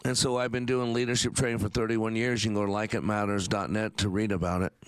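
A man's voice: lowish voice, level tone, quick pace, clear, resonant tone, no room sound. A man in his fifties hosting a faith-based radio talk show, earnest and preachy, with many fillers and restarts. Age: 50s.

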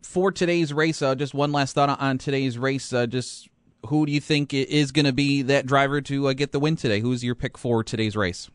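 A man's voice: medium pitch, steady tone, normal speed, clean tone, no echo. A man hosting a sports radio show, chatting casually with many fillers and restarts.

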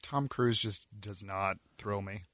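A man's voice: on the low side, slow, a bit bright, no room sound. A man appearing as a guest on a radio show, talking about an arts organization in an upbeat way. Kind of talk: radio interview. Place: radio studio.

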